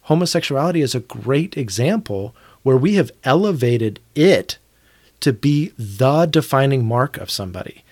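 Recorded at studio quality with no room sound, a man in his thirties co-hosts a podcast with a medium-pitched, darkish, animated voice at a moderate pace. He talks earnestly in reflective conversation, thinking aloud and occasionally starting sentences over.

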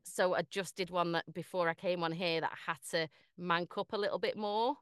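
A woman's voice: on the low side, fairly even intonation, a little fast, clean tone, no echo, clean studio sound. A woman, a voiceover artist chatting as a podcast guest, laughing often. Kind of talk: casual podcast chat.

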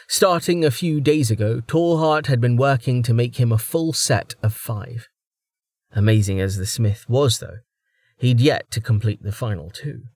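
A man narrating a fantasy audiobook in an even, measured storytelling manner. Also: mid-range voice, no echo, clean studio sound.

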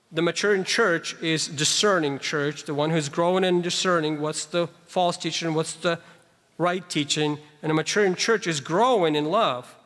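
A man's voice: on the high side, a bit bright. A man preaching a sermon, explaining scripture verses emphatically with conversational asides to the congregation. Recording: long reverb of a large hall.

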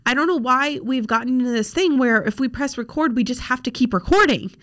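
A woman's voice: high-pitched, fairly quick, a bit bright. A young woman hosting a podcast as a social media coach, talking casually and frankly with plenty of fillers. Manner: chatty, frank, many fillers. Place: home desk with laptop.

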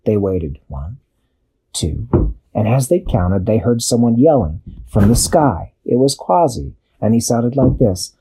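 A man narrating an improvised children's story in an expressive, drawn-out storytelling manner. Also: mid-range voice, slight background noise. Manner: expressive, drawn-out storytelling with sound-effect pauses.

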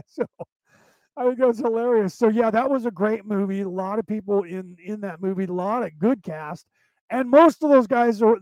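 Fast-talking man with a high voice. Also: a little mellow, no room sound, rough recording. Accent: American with Southern drawl and Boston touches. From central California. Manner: fast-talking, rambling with many fillers. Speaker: podcast host. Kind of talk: rambling casual talk.

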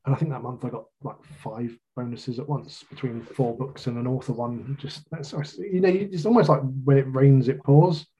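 A man's voice: medium pitch, moderate pace, few pauses, dark tone, husky, low-quality recording. A man with a British accent, an author chatting casually in an interview, with a self-deprecating, jokey way of talking. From Britain.

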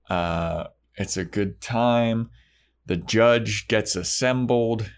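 A man's voice: lowish voice, drawn-out words, smooth. A man chatting casually as a podcast co-host, recapping a TV episode with loose, acted-out quotes.

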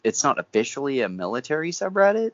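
A man's voice: medium pitch, very animated, quick pace, a bit bright, dry recording. A man co-hosting a podcast, talking casually with lots of fillers and dry humor. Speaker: podcast co-host. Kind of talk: casual chat. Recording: dry, dull lo-fi sound.

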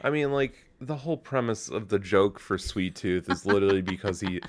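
A man's voice: fairly low pitch, fairly even intonation, brisk, a little hiss or hum. A man co-hosting a casual chat, teasing and cutting in with jokes. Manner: teasing, jokey interruptions. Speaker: podcast co-host.

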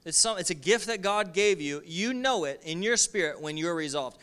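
Smooth-voiced male pastor preaching. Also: sits high, expressive, moderate pace, a bit bright. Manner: emphatic, repetitive, conversational preaching. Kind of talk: sermon. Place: in front of a congregation.

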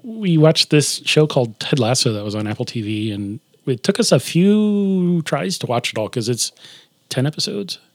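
A man's voice: medium pitch, expressive, normal speed, no echo, clean studio sound. A man hosting a casual podcast chat, explaining at length with frequent restarts. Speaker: podcast host.

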